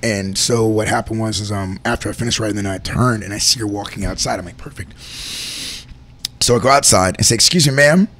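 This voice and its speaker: Earnest rambling man, bright voice. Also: lowish voice, steady tone, fast, hardly any pauses, slight background noise. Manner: earnest, rambling, heartfelt, says "man" and "like" a lot. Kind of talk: candid storytelling in conversation.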